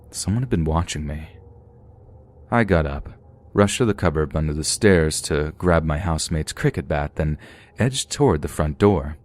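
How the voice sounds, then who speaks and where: A man with an extremely deep, low voice narrates a scripted first-person horror story. He tells it in a steady, even way and draws out the tense parts.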